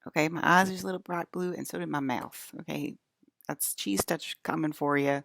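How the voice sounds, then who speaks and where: A woman's voice: sits low, fairly even intonation, moderate pace, vocal fry, a bit bright, no room sound, clean studio sound. A woman vlogging in a rambling casual monologue, talking straight to her viewers and repeating her points with emphasis. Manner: emphatic, repeats herself, addresses viewers directly.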